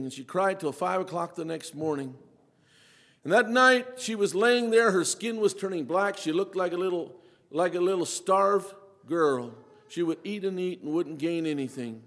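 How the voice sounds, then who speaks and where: High-voiced man preaching in a reverberant hall. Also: lively intonation, unhurried, a bit bright. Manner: emotional, rising to urgent pleading. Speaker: preacher giving testimony. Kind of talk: sermon testimony.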